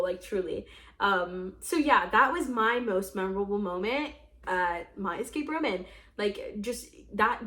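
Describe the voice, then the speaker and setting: Gushing young woman telling stories. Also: a little high. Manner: gushing, emotional, filler-heavy with lots of "like". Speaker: podcast host and escape room game master. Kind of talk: casual storytelling chat.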